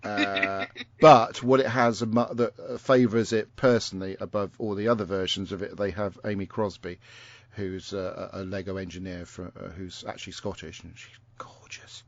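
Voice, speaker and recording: Brit guy on a podcast, lowish voice, rambly and opinionated, dry muffled mic. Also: steady tone, moderate pace, no room sound. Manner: rambling, hesitant, opinionated with many fillers. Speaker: podcast co-host. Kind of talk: casual chat. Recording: dull, muffled recording.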